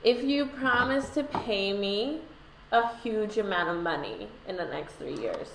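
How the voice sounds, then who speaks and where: A woman's voice: mid-range voice, lively intonation, measured pace, gravelly, reverberant, background noise. Woman doing a sassy, unbothered queen. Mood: bossy. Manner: sassy, swearing, dismissive. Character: blunt, unbothered medieval queen, female adult.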